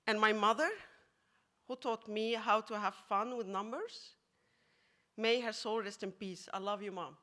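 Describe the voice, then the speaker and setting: A woman's voice: on the high side, steady tone, pushed and bright. Laughing, emotional woman. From Egypt. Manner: laughs often, halting with fillers. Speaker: math teacher accepting a prize. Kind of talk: emotional acceptance speech.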